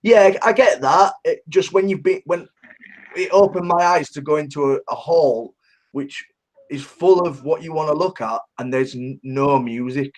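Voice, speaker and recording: A man's voice: a little high, normal speed. A man co-hosting a casual podcast, laddish and sweary, often laughing. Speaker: podcast co-host. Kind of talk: casual chat.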